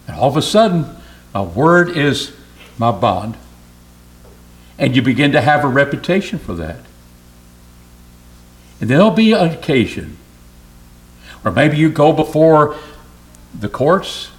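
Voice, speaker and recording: A man's voice: a little high, sing-song, measured pace, pauses often. Earnest man preaching a sermon. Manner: earnest, emphatic, repeats phrases.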